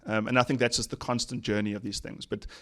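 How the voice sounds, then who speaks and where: Animated man telling stories on a podcast. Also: lowish voice, fast. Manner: animated anecdote telling with frequent laughs. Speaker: company CEO, podcast guest. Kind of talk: casual interview storytelling.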